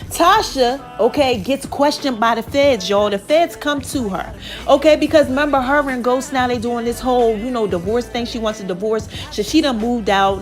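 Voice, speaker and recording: A chatty woman host speaks, her voice riding high as she recaps a TV episode. She jumps into the characters' lines with animated delivery, and faint music plays underneath. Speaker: podcast host.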